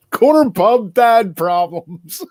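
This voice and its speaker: Slow-talking teasing man, co-host. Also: high-pitched, lively intonation, no room sound, studio quality. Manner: laughs often, teasing. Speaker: podcast co-host. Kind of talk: casual sports chat.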